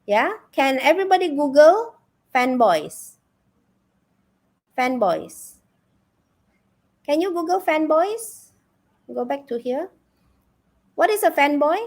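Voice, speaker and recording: A woman with a Malaysian English accent teaches an online English class, her voice pitched a little high. She talks in a lively, animated way and often stops to check in with her students. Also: takes it slowly, pauses often. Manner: lively, checks in with "okay?" and "yeah?". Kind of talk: live webinar lesson.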